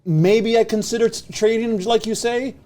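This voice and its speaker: A man co-hosting a casual podcast, measured with a dry sense of humor. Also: high-pitched, steady tone, a little mellow. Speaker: podcast co-host.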